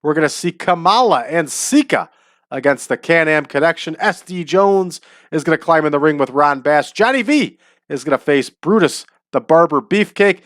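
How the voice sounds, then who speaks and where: A man's voice: fairly high pitch, a bit bright, no echo, studio quality. A man hosting a casual let's-play of a wrestling booking game, upbeat and chatty, often breaking into laughter. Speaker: host.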